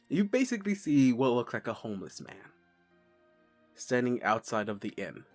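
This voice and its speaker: Slow-talking male game master. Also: mid-range voice. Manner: unhurried, halting narration. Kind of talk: narrating a tabletop game.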